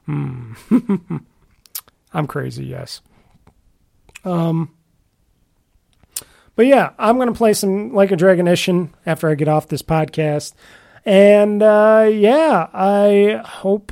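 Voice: medium pitch, gravelly, darkish tone. A podcast host in a casual solo chat about games, rambling and often restarting sentences, with an offhand, mildly grumbling manner.

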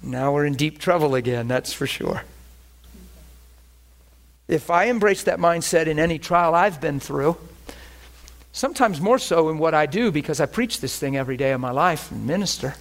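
Male pastor, slightly high pitch, conversational emphatic teaching sermon. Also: expressive, moderate pace, long pauses.

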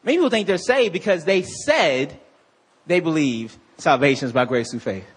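Husky high-voiced guy preaching, slows right down to read scripture then gets worked up, keeps asking the congregation to answer back. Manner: animated preaching, swinging from low slow reading to high excited asides; calls out to the congregation for responses. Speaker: pastor. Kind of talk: sermon.

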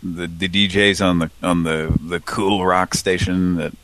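A man's voice: low voice, fairly even intonation, a little slow, a bit bright, no room sound. A man co-hosting a live stream, chatting casually and rambling with lots of fillers and restarts. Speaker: co-host of a live prank-call stream.

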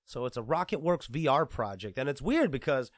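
A man's voice: medium pitch, sing-song, fairly quick, dry recording, clean studio sound. A man hosting a gaming commentary show, ranting casually and profanely with lots of restarts.

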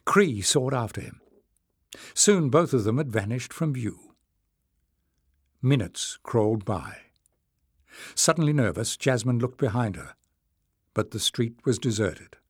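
A man narrating a fantasy novel in a measured, expressive storytelling manner. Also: mid-range voice, slightly rough, dry recording, clean studio sound. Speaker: audiobook narrator. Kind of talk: scripted narration.

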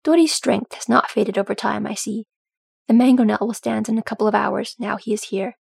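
A woman's voice: medium pitch, fairly even intonation, fairly quick, creaky, a little mellow, husky, no room sound, clean studio sound. A woman doing a wry grey-haired dwarf advisor.

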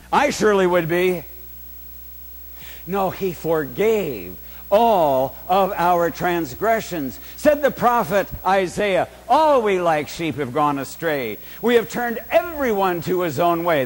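A man preaching a sermon in a church, slow and emphatic, putting rhetorical questions to the congregation. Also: a little high, big-room sound. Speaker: pastor.

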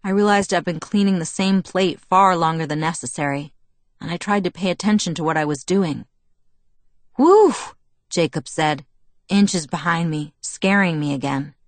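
A woman narrating a novel in the first person, steady and measured. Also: lowish voice, dry recording. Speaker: audiobook narrator.

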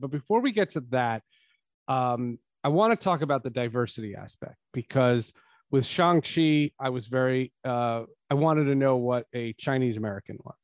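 A man hosting a podcast, chatting casually about a film and rising to emphatic, animated points. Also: mid-range voice, no echo. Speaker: podcast host. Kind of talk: casual film review chat.

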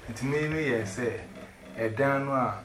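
A man rambling excitedly in casual chat, switching between pidgin English and Twi. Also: mid-range voice, unhurried. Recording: echoey room with loud background noise.

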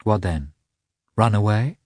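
A man reading an audiobook, voicing an anguished young noblewoman who speaks with sharp, mocking irony. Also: lowish voice, slow pace, dry recording, clean studio sound. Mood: bitter.

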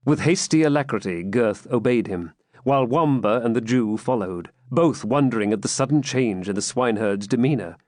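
Expressive male audiobook narrator. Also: mid-range voice, moderate pace, no room sound, studio quality. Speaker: audiobook reader. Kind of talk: reading a classic novel aloud.

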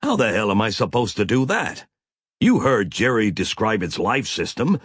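A man voicing a gruff ship's doctor who grumbles in a dry, sardonic way. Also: fairly low pitch, big pitch swings, normal speed, dry recording. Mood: grudging.

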